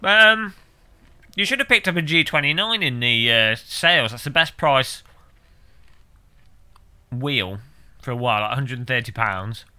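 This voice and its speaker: British man, game streamer, casual rambling chat, deadpan jokes, very bright sharp voice. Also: medium pitch, measured pace, pauses often, smooth. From United Kingdom. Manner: rambling, deadpan absurd joking.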